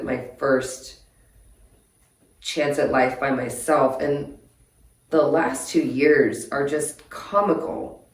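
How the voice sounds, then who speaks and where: A woman's voice: low-pitched, a little mellow. Upset woman vlogging, far from mic. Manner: rambling, halting, upset. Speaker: DIY vlogger. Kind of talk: emotional life-update vlog. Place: outdoors in her yard at night. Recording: echoey, distant from the mic.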